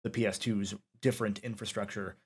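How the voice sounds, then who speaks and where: A man's voice: lowish voice, little pitch movement, a little fast, a little mellow, husky. A man hosting a casual interview, talking at length with many fillers and restarts. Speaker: interviewer, podcast host.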